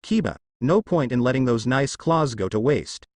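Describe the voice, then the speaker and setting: A man's voice: medium pitch, animated, normal speed, darkish tone, no room sound, clean studio sound, natural voice. A man voicing a brash young male ninja who talks bluntly and tough, in a fan story read aloud.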